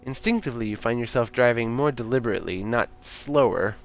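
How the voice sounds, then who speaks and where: A man narrates a story game aloud for a live stream. His voice sits at a middle pitch, and he drops casual, wry asides between passages. Faint game music plays underneath. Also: expressive, fairly quick, creaky.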